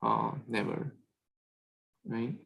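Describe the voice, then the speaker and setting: A man's voice: mid-range voice, extremely slow, creaky, bright, forceful tone, low-quality recording. A man leading a scripture class in a chatty teaching style, often checking in with the listeners. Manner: chatty, keeps asking "right?".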